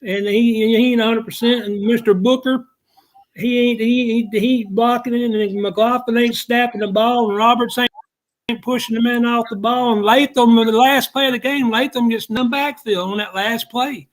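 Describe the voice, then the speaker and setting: Very high-voiced man. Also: steady tone, moderate pace, rough recording. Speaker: sports talk show co-host. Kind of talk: casual sports talk.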